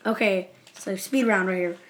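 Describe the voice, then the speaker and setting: A woman's voice: mid-range voice, fairly even intonation, normal speed. A woman co-hosting a casual recap, leading the segments and retelling scenes with giggles. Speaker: podcast co-host. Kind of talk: casual chat.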